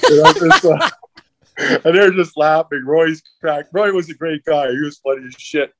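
A man's voice: on the high side, moderate pace, a bit bright. A middle-aged man, a former hockey enforcer, telling profane stories in casual chat and acting out the dialogue. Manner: profane, laughing, acts out dialogue in anecdotes. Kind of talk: casual storytelling.

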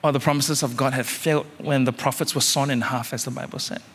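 A man preaching a sermon as senior pastor, emphatic, repeating phrases and climbing suddenly louder. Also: medium pitch, steady tone, fast, breathy edge, big-room sound.

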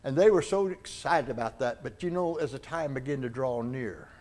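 A man's voice: medium pitch, normal speed. An older man preaching, telling a long personal story and acting out the voices of the people in it as he goes. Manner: acts out dialogue in the story, with rises and falls in loudness. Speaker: pastor. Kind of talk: sermon storytelling. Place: church sanctuary.

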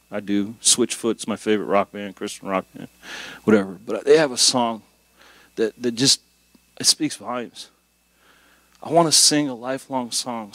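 Middle-aged male guest pastor, animated conversational preaching, dry close sound. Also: medium pitch, no room sound. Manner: animated, conversational preaching with jokes and rising emphasis. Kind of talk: sermon.

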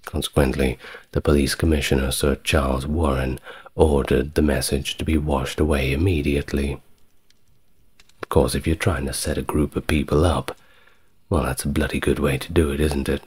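A man giving a calm, soft-spoken ASMR history narration, measured and steady, with wry conversational asides. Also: rumbling low, husky.

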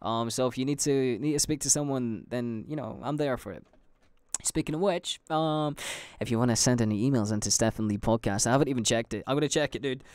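A man's voice: brisk, a little mellow, clear, resonant tone, no room sound. Scottish man rambling on a dry podcast mic. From Scotland. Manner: chatty and swearing, trailing off into fillers; jumps to high mock voices when quoting people. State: drinking gin while talking. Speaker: podcast host and livestreamer.

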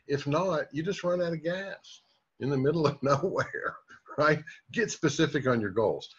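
Male sales coach with a slightly raspy voice, direct and motivating, lo-fi recording. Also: mid-range voice, a bit bright. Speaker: sales trainer. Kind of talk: training talk.

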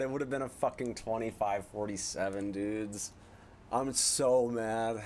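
A man's voice: lowish voice, unhurried, darkish tone, a little hiss or hum. A young man commentating his own speedrun live to his viewers, swearing in frustration after narrowly missing a record. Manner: frustrated, swearing, addresses chat.

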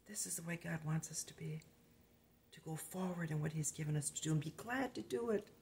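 An older woman pastor giving an earnest, informal sermon, often dropping to a hushed, breathy near-whisper. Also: low voice, a little fast, a little hiss or hum.

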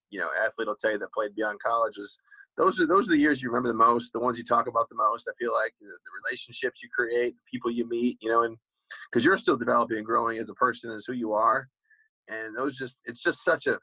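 Husky, forceful man telling rambling stories. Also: mid-range voice, dry recording, rough recording. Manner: rambling storyteller, many "you know" fillers and restarts. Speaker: guest, former pro football player. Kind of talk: casual interview talk.

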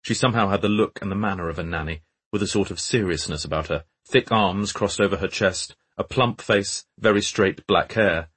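A man narrating a mystery audiobook in first person, measured and observant. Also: sits low, a bit bright, slightly rough. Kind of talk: scripted narration.

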